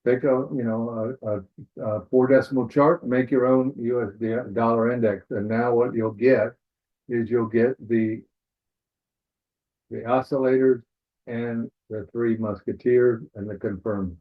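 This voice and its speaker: A man's voice: mid-range voice, steady tone, unhurried. A man leading a live trading webinar, walking through charts in a casual way, thinking aloud and saying "all right" again and again. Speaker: forex trading instructor. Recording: tinny phone-like webinar audio.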